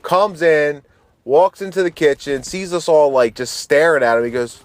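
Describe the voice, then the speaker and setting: A man in his thirties telling a casual story over gameplay as host of his channel, in a relaxed, slangy and profane way with frequent restarts. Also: a little high, moderate pace, no echo.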